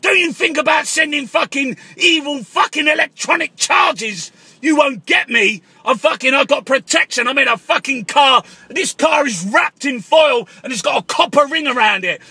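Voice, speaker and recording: A man, a taxi driver and artist, shouting and swearing through a comic paranoid rant on the phone. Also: very high voice, normal speed, hardly any pauses, dry recording. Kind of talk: comic ranting phone call.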